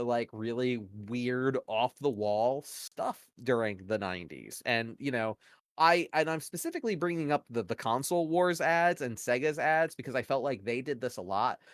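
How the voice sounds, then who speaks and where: A man's voice: mid-range voice, no room sound, clean studio sound. Opinionated man in casual podcast talk. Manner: rambling, heavy use of "like" and "you know" fillers; opinionated, argues points at length. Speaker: podcast co-host. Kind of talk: casual conversational analysis.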